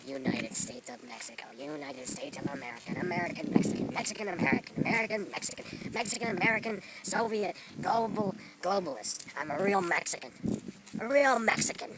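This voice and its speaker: A man doing a swaggering, self-proclaimed real Mexican who rambles and lectures with a lively, swooping delivery. He sounds a little away from the mic, and the outdoor recording has heavy background noise. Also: high voice, fairly quick, creaky, distant mic. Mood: boastful. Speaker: vlogger in character. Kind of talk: improvised comedy monologue. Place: outdoors among trees.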